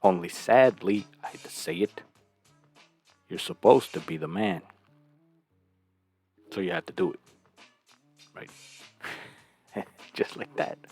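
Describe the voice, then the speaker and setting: A man talks slowly and bluntly in a low, husky, gravelly voice. He gives crude reaction commentary on clips and keeps asking rhetorical questions, with faint music underneath. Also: sing-song, a little mellow. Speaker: channel host reacting to clips.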